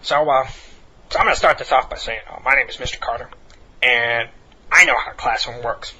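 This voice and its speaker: A man's voice: mid-range voice, brisk, sharp tone, breathy edge, low-quality recording. A young man voicing a geeky, egotistical male substitute teacher who lectures the class in a pompous, bossy way.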